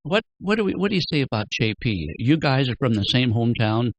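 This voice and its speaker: A man's voice: medium pitch, big pitch swings, fast talker, no echo, poor audio. An older man hosting a radio talk show, chatty and easygoing with his guest. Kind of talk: casual radio interview.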